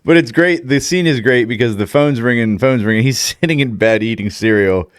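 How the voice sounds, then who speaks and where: A man's voice: medium pitch, brisk, smooth, no room sound, studio quality. A young adult man co-hosting a casual film chat, animatedly retelling scenes and laughing as he goes. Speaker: podcast co-host.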